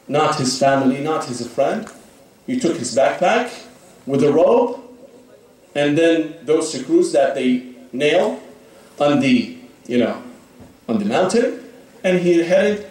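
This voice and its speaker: A man's voice: fairly high pitch, a little mellow. A man preaching a sermon, telling a story dramatically with frequent "you know" fillers. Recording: echoey hall, speaker far from mic.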